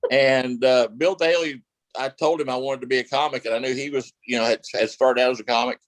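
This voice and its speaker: A man's voice: mid-range voice, fairly even intonation, fairly quick, no room sound, low-quality recording. A male actor guest telling stories in a casual interview, rambling with lots of fillers and restarts.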